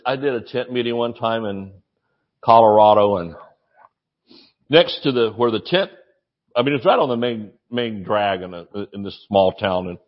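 Male evangelist, excitable sermon delivery, yelling bursts and chatty anecdotes, slightly dull lo-fi recording. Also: lowish voice. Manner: excitable, yells when preaching. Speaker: preacher. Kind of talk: sermon with humorous stories.

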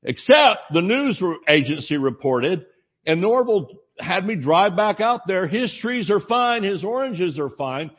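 A man's voice: high voice, very animated, a little slow, breathy edge, muffled recording. Rambling storytelling male preacher. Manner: rambling anecdotal, acts out quoted voices. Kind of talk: sermon storytelling.

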